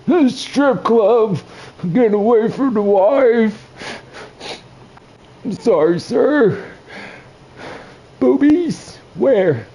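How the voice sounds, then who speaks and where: A man playing a confused, forgetful old man with a high, wavering put-on voice. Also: expressive, extremely slow, long pauses, dark tone, slightly rough, heavily acted. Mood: flustered.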